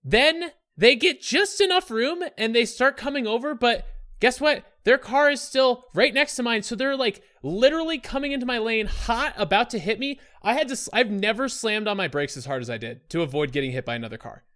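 Man, podcast co-host, lively swooping delivery, bright edge, profane, casual storytelling. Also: extremely high pitch, brisk. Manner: animated, profane, acts out shouted quotes.

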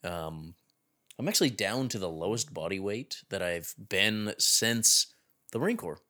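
A man co-hosting a podcast, chatting in a relaxed, matter-of-fact way. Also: low-pitched, a little slow. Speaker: podcast co-host. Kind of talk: casual podcast chat.

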